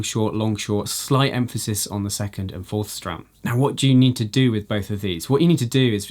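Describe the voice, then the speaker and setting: A man teaching a jazz guitar lesson, explaining in a relaxed way with frequent "you know" fillers. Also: lowish voice. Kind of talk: instructional video lesson.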